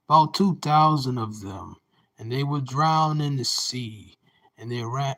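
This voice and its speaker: A man's voice: medium pitch, fairly bright tone, rough recording. A man reading scripture aloud, phrase by phrase, now and then correcting himself mid-word. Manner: deliberate phrase-by-phrase reading with occasional self-corrections. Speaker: scripture reader.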